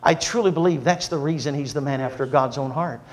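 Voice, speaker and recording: A man delivering a sermon with a fairly high voice. He tells jokes with lively energy, then drops into a low, earnest exhortation. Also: fairly quick. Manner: animated, humorous storytelling then earnest preaching. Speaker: preacher.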